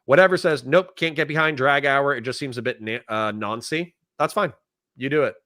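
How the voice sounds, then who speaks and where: A man's voice: medium pitch, sharp tone. Blunt, profane male livestream host. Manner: blunt, profane, quick to get heated. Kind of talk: livestream commentary reading chat.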